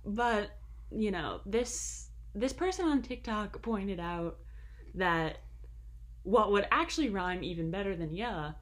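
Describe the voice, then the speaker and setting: A woman's voice: mid-range voice, lively intonation, slow. A young woman co-hosting a podcast in casual chat, hedging often with "like" and "I don't know". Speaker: podcast co-host.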